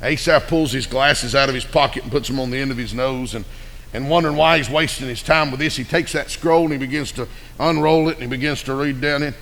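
A man's voice: mid-range voice, fast, fairly bright tone. A male preacher, delivering a folksy, story-driven sermon and calling out for amens. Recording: echoey hall reverb.

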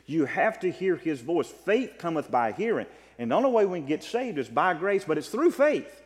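A man preaching a sermon as pastor, animated, with a rising and falling delivery. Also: on the high side, normal speed. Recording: long reverb of a large hall.

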